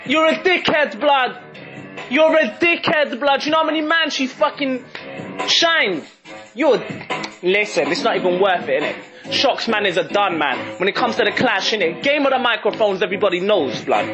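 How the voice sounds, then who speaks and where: Man doing a squeaky cocky rapper. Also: lively intonation, normal speed, lo-fi sound. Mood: taunting. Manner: boastful, taunting, laughing as he raps. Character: cocky short young male grime MC with an afro. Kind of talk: comic diss-track rapping. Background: music beat.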